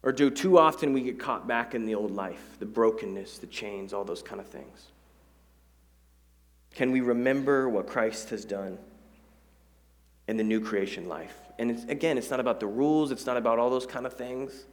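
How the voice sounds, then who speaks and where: A man's voice: mid-range voice, moderate pace. Man preaching a chatty sermon. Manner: conversational, joking asides, rhetorical questions to the congregation; repeats key phrases for emphasis. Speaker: pastor. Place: church.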